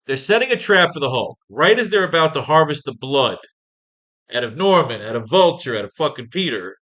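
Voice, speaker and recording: This man's voice sits on the high side, swinging widely in pitch, with a fairly quick pace and a fairly bright tone. He's teaching a writing class, swearing freely as he casually works out comic pages and reads the panels aloud.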